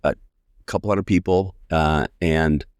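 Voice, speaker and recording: A man in his forties from the United States, a sales coach telling a lively personal story in a podcast interview and acting out the voices of people he quotes. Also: low-pitched, unhurried, clean tone, no room sound, studio quality. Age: 40s.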